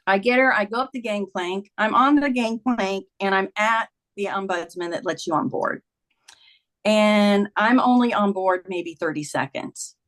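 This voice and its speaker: A woman's voice: mid-range voice, a little slow, a bit bright. A woman guest in an interview, telling a personal story in earnest and acting out the dialogue of the people in it. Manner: vivid retelling that acts out quoted dialogue. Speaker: guest, author.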